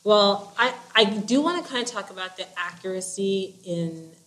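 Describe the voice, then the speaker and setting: A woman's voice: medium pitch, expressive, normal speed, fairly bright tone, rough recording. A woman co-hosting a casual book discussion, chatty and blunt, with lots of "like". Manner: chatty, full of "like", blunt opinions. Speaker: podcast co-host discussing a book. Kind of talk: casual chat.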